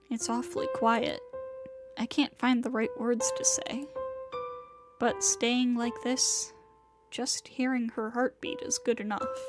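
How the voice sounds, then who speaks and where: A woman streamer reading a visual novel aloud, narrating in a soft, slow, measured way. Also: fairly high pitch.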